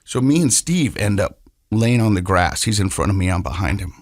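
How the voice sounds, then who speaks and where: A middle-aged man co-hosting a podcast, telling a personal story in an earnest, halting way and often repeating his words. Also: fairly low pitch, animated, dry recording, studio quality. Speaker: podcast co-host.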